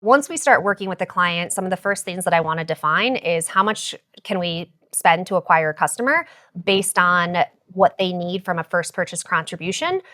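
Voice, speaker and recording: A woman guest on a podcast, explaining ad and growth strategy in a brisk, jargon-heavy way with frequent fillers. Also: on the low side, lively intonation, pushed and bright. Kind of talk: casual podcast interview.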